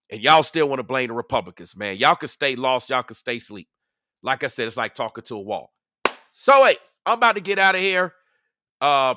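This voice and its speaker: A man's voice: on the high side, pushed and bright, no room sound, clean studio sound. A man hosting a live stream in a casual, emphatic way, repeating his points and talking back to his chat.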